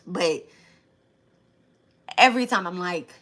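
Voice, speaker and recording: A woman's voice: on the low side, takes it slowly, a bit bright. A young adult woman hosting a live tarot stream, chatting casually and repeating herself as she talks straight to her viewers.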